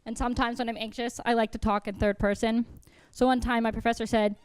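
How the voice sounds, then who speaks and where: A young woman comedian performing a self-deprecating stand-up set with a deadpan delivery on a college TV studio stage. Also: on the high side, a little fast, few pauses, smooth, no echo.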